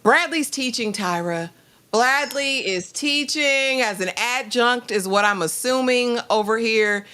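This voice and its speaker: A woman's voice: on the high side, measured pace, bright, forceful tone, clean tone. A woman co-hosting a casual TV review, sassy and teasing, throwing questions to her co-host. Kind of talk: casual TV recap chat.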